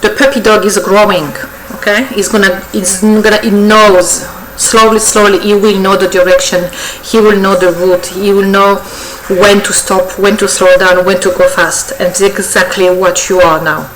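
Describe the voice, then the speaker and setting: A woman's voice: mid-range voice, fairly even intonation, normal speed, hardly any pauses, fairly bright tone, slight background noise, low-quality recording. A woman giving a weekly tarot reading to her viewers, effusive and coaxing, often checking in with "okay?" and repeating herself. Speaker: tarot reader. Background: faint birdsong.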